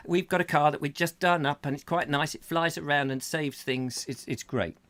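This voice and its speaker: A man's voice: on the high side, brisk, few pauses, fairly bright tone. A man hosting a casual show, rambling and reading out comments, often breaking into silly songs and voices. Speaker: host.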